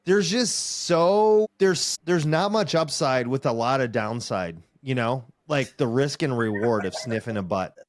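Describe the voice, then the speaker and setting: A man's voice: mid-range voice, expressive, unhurried, few pauses, no echo, studio quality. A man co-hosting a comedy podcast, chatting casually in a wry, rambling way and acting out other people's lines. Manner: wry, rambling storyteller who acts out other voices. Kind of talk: casual chat.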